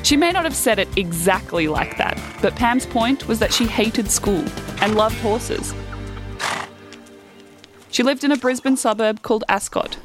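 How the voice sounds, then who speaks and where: A woman reading a children's story aloud in a lively way, acting out the characters' lines. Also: mid-range voice.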